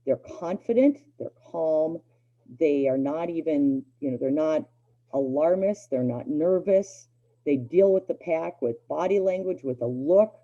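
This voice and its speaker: A middle-aged woman with a low, husky voice lectures a dog obedience class. She talks casually and circles back with fillers and restarts. The recording sounds dull and lo-fi. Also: expressive, a little slow, mellow. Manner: conversational, many fillers and restarts.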